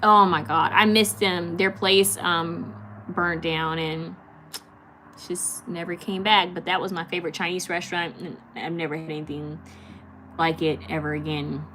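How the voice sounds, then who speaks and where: A woman's voice: on the low side, flat delivery, sharp tone, a little hiss or hum. A woman from California hosting a live stream, chatting casually and giggling as she answers viewer comments. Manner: chatty, giggly, with many fillers and quick repeats.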